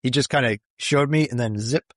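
A man's voice: medium pitch, moderate pace, no echo, studio quality. A man being interviewed, recounting a personal experience in a reflective way, searching for words with many fillers. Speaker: interview guest.

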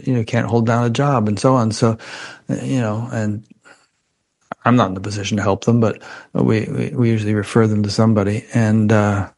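Lowish-voiced man, halting and cautious. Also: little pitch movement, vocal fry, darkish tone. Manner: halting, with many fillers and restarts; cautious and measured. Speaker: podcast host. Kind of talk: conversational interview.

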